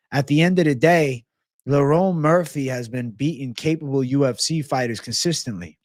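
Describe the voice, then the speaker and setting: A man's voice: medium pitch, a little mellow, dry recording, clean studio sound. A man hosting a livestream of fight picks and betting odds, brash and profane, thanking donors and urging likes. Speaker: MMA betting livestream host.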